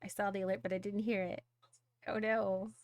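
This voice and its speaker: A woman's voice: medium pitch, little pitch movement, fairly quick, a little mellow, dry recording. A woman streamer chatting casually and in a flustered, distracted way during a live game stream.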